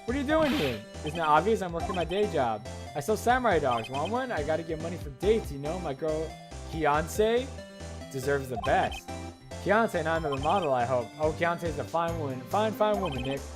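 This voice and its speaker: A man voicing a goofy, lovestruck young man who rambles excitedly. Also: a little high, normal speed, over music.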